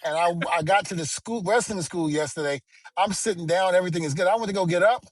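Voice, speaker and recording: A man's voice: high voice, fast talker, no room sound. A middle-aged man co-hosting a podcast, telling stories in a playful, casual way and acting out the dialogue. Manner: storytelling, playful, acts out quoted dialogue. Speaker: podcast co-host.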